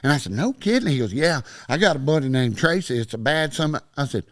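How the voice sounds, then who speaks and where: A man's voice: medium pitch, quick pace, no echo. A middle-aged man with a Texan accent, a podcast guest telling a long story in casual chat and acting out every quoted line.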